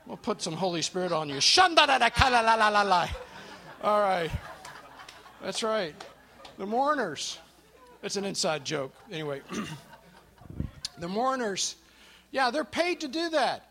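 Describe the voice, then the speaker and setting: Man, high-pitched voice, Bible study teacher, questions the group, storytelling tone. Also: big pitch swings, measured pace, long pauses, slight background noise. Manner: asks the group questions and thanks responders; storytelling, drops to a hush for dramatic moments. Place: live group gathering.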